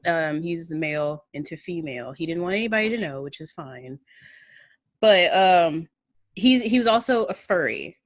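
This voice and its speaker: Tipsy low-voiced woman telling a story. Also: lively intonation, moderate pace, dry recording, studio quality. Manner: loose, laughing, swears freely, lots of ums. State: a little tipsy. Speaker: podcast co-host. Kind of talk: casual storytelling chat.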